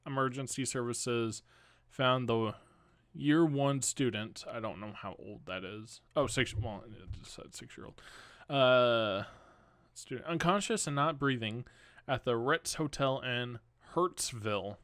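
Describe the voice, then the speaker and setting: A man's voice: medium pitch, unhurried, fairly bright tone, clear, resonant tone, dry recording, clean studio sound. A young man hosting a podcast at home, reading news stories aloud and adding casual, rambling asides. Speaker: podcast host.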